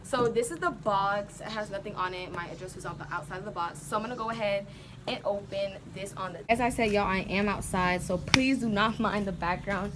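Chatty excitable woman vlogging outdoors. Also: medium pitch, fairly quick. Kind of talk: casual vlog chat. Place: outdoors at home. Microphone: phone camera. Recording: clear outdoor background noise. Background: neighbors' music, outdoor ambience.

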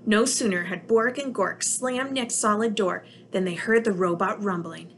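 A preschool teacher reads a picture book aloud to young children, telling the story with plenty of expression. Her voice sits at a middle pitch. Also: moderate pace, slight background noise.

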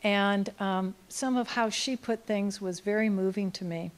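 A woman speaking at a conference in an auditorium, telling a case story and reading quotes with feeling, going soft and slow at the tender lines. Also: mid-range voice, fairly even intonation.

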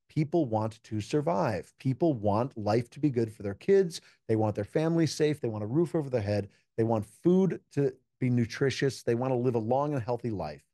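A warm, mid-range male voice belongs to an American keynote speaker and juggler guesting on a podcast. He shares stories in an earnest, thoughtful way during a casual interview, often quoting what people said. No echo is present, and it sounds studio recorded.

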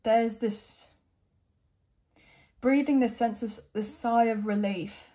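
A woman's voice: a little high, fairly even intonation, slow, dark tone. A young adult woman giving an encouraging, emotional tarot reading to her viewers, at times choked up. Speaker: tarot reader.

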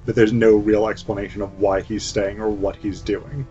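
A man's voice: lowish voice, moderate pace, hardly any pauses, darkish tone. A man talks through an old film in a loose, flippant review, full of "um" and "like". The recording is dull and lo-fi, with faint music under him. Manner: flippant, chatty, with many fillers. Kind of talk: casual film commentary.

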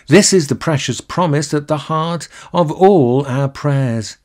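A male minister giving a recorded sermon in a measured, deliberate way, slowing down to linger on key phrases. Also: fairly high pitch, darkish tone.

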